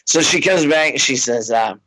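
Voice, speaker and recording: A man's voice: mid-range voice, expressive, moderate pace, bright, forceful tone, no room sound, poor audio. A man and comedian telling a story in a rambling, self-mocking way, laughing between lines. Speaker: comedian, podcast host. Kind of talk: casual storytelling.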